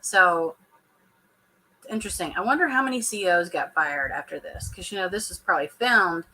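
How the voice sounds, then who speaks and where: A woman talks straight to her viewers in a loose, casual reaction chat. Her voice is bright and forward, and she laughs often between remarks. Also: on the low side, expressive, normal speed, a little hiss or hum, low-quality recording. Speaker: reality TV reaction vlogger.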